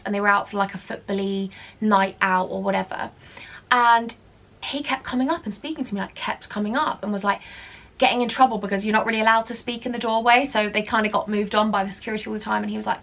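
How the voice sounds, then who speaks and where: A young woman in her twenties telling a storytime vlog in an animated, gossipy way, often dropping into whispers. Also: mid-range voice, quick pace, gravelly. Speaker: vlogger.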